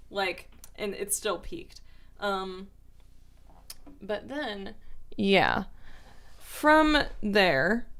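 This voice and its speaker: A woman voice actress casually answering viewer questions, chatty and full of fillers. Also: fairly low pitch. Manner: chatty, lots of filler words like "like" and "um". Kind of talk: casual Q&A advice.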